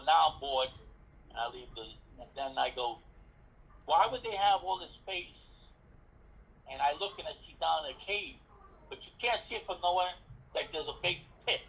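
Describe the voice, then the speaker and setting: A man being interviewed, telling a story in a casual, animated way, acting out dialogue and swearing freely. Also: a little high, gravelly, a little hiss or hum. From New York City. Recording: dull lo-fi recording.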